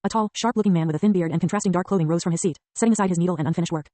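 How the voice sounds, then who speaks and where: Give me a woman narrating a fantasy audiobook, quick and mellow, with a dry close sound. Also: on the low side, dry recording. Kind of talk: scripted narration.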